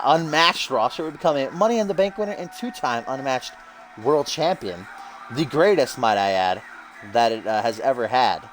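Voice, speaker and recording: A man's voice: medium pitch, poor audio. A young man calls a video game wrestling show like a hype announcer, cracking jokes and swearing along the way. His voice sits in the middle range and comes through close, as if from a desk mic. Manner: joking, profane, hype-announcer delivery. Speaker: host and play-by-play commentator. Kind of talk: casual wrestling game commentary.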